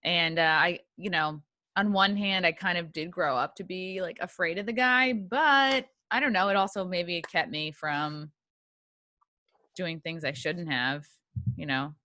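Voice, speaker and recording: Young woman podcast host, bright and forceful tone, probing but casual, dry sound. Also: on the low side, a little slow, no room sound. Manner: laughs often, asks probing questions. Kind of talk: casual interview chat. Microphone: video call.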